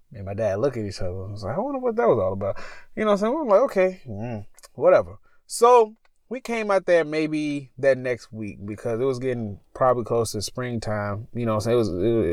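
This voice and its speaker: A man's voice: mid-range voice, no echo, studio quality. A young man telling a spooky personal story as a podcast host, talking casually in a parked car. He rambles and stops to correct himself.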